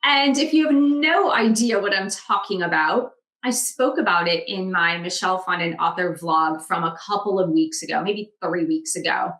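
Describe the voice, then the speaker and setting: A woman's voice: fairly low pitch, moderate pace, a bit bright. A woman author talking casually in a self-help vlog, earnest and reflective, often asking questions aloud. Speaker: author vlogger. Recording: roomy echo.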